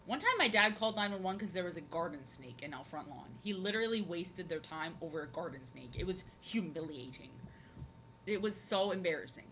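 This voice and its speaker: A woman's voice: fairly low pitch, animated, fairly quick, a bit bright, slight background noise, rough recording. A young woman chatting casually and playfully while drawing on a live stream, rambling and repeating her phrases.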